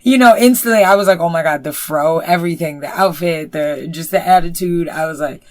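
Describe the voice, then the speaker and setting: A young adult woman co-hosting a podcast, giving an animated, casual review full of fillers. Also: lowish voice, fairly quick, no room sound. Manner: animated, uses many fillers. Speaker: podcast co-host.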